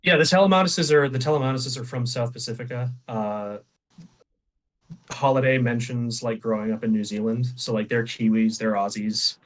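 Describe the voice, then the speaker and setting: A man with an average, mid-pitched voice, co-hosting a casual book chat. He explains story details haltingly, restarting his sentences and filling the gaps with 'like' and 'uh'. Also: far from the mic, low-quality recording. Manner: hesitant, fact-sharing, many fillers. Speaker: book club co-host.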